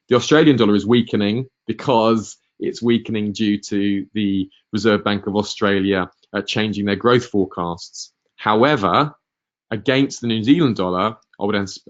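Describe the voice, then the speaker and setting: A man's voice: on the low side, muffled recording. A man hosting a live market-analysis webinar, answering viewer questions with many ums, uhs and restarts.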